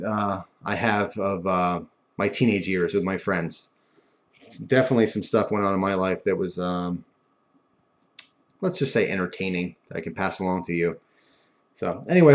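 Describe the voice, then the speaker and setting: Rambling, low-voiced young man telling stories. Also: darkish tone. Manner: rambling, self-mocking, frequent restarts and laughs. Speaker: vlogger. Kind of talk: casual storytelling.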